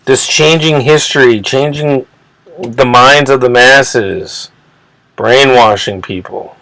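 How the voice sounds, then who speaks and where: A man hosts his own channel in a ranting commentary video, agitated and indignant, swearing often and rambling with many restarts and repeated words. His mid-range voice is slow, pushed and bright. The audio is poor, with no room sound.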